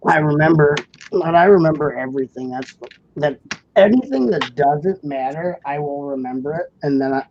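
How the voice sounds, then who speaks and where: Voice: medium pitch, normal speed. A young adult live-stream host from Indiana chatting casually and reading viewer comments, rambling with many "like" fillers and laughing easily. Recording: muffled stream audio with faint noise.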